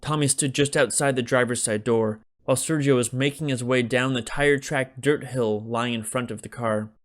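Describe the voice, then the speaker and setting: A man's voice: mid-range voice, steady tone, moderate pace. Man narrating a comic audiobook. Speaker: author narrating his own audiobook.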